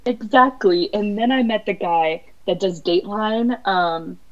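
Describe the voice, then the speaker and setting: A woman guest on a podcast, telling excited fan stories in casual chat. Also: mid-range voice, measured pace. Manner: excitable fan storytelling with laughs. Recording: dull lo-fi podcast audio.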